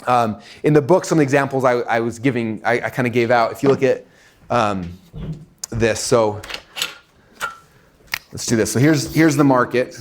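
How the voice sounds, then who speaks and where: A man with an American accent giving a live seminar talk to an audience in a fast, casual way, full of "like" and "right?". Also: mid-range voice, a little hiss or hum. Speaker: speaker teaching marketing to an audience.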